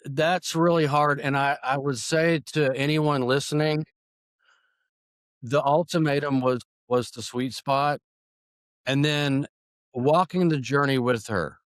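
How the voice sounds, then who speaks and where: A man's voice: fairly high pitch, steady tone, slow, no room sound. Earnest, reflective man, dry sound. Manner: earnest and reflective, with small restarts. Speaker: podcast guest. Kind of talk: conversational interview.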